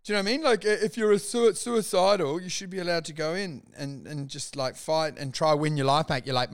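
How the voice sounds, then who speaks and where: A man co-hosting a comedy podcast, ranting crudely and mocking with relish. His voice sits high and comes across smooth and clear. The recording is dry, with no room sound. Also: a little fast, hardly any pauses, no echo. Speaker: podcast co-host. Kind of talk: casual comedic chat.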